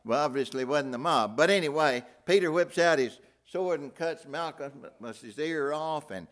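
An older man preaching a folksy sermon. His voice climbs into loud, ringing outbursts and then drops to hushed, almost whispered lines. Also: a little high, normal speed. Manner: folksy, with wide dramatic swings between loud outbursts and hushed near-whispers.

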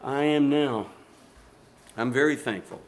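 A man's voice: medium pitch, measured pace. An older man preaching a sermon, rising and falling in intensity and calling for amens. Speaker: pastor.

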